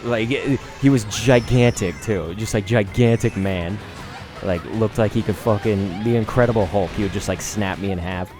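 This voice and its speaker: A man's voice: lowish voice, normal speed, over music. Profane rambling man telling stories. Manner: animated, profane, rambling anecdotes. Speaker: gaming commentator. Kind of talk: casual storytelling over gameplay.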